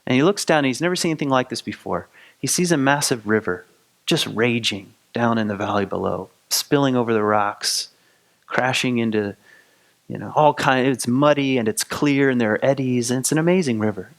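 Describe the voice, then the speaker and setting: This podcast host runs a spiritual show and retells a folktale in a loose, rambling style, packed with fillers and restarts. He speaks at a medium pitch and a fairly quick pace.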